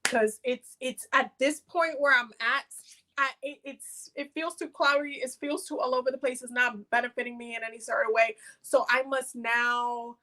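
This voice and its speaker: A woman's voice: high voice, steady tone, normal speed, sharp tone. A young woman giving a casual livestream oracle card reading. She rambles, fills her talk with "like," and calls her viewers pet names.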